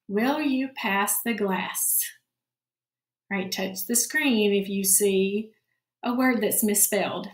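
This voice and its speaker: A woman's voice: medium pitch, a bit bright. A woman teaching a recorded phonics lesson to children, patient and encouraging, often saying good job. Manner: slow, patient, encouraging, frequent "all right, good job". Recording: roomy, echoey classroom-style sound.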